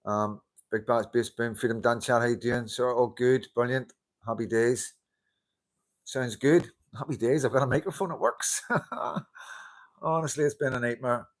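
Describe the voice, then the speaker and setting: A man's voice: mid-range voice, fairly even intonation, moderate pace. A man hosting a casual live-stream chat, greeting viewers, laughing often and swearing casually into a handheld mic. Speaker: livestream host. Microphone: handheld wireless mic.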